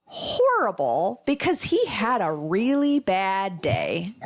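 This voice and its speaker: A woman's voice: medium pitch, huge pitch swings, slow pace. A woman guest on a podcast in candid casual chat, telling a personal story and quoting others. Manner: storytelling, quotes others in dialogue.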